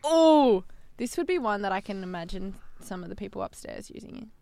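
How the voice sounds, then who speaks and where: A young Australian woman chats in a casual podcast, quick to laugh as she tells a story. Her voice sits at a middle pitch and sounds dry and close to the mic. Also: creaky, dry recording. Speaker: radio announcer.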